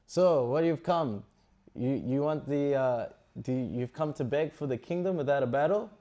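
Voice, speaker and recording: A man's voice: medium pitch, moderate pace, warm tone, close to an everyday voice. A man voicing a proud, boastful warrior king who plays the grand host while he gloats. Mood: gloating welcome. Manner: expansive, mock-hospitable.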